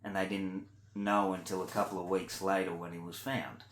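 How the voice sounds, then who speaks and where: A man with an Australian accent in a blunt, sweary rant to camera, swinging between loud outbursts and low mutters. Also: little pitch movement, normal speed, echoey room, a little hiss or hum. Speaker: vlogger. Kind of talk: ranting monologue to camera.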